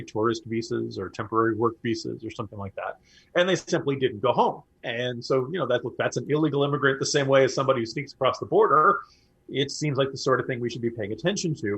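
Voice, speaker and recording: A man's voice: mid-range voice, a bit bright, slightly rough. A man co-hosting a political talk show, giving casual commentary and building his points to punchy quips. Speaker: podcast co-host.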